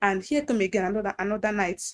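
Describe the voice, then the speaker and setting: A woman with a Nigerian accent, a native Igbo speaker, giving a personal testimony in a halting way, often restarting and repeating phrases. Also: medium pitch. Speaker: guest telling her story.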